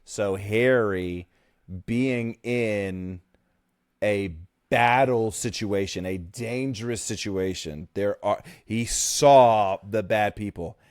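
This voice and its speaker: A man co-hosting a podcast, talking animatedly in quick bursts and retelling scenes. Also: lowish voice, darkish tone, clean tone, no room sound, clean studio sound. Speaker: podcast co-host. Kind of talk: casual podcast chat.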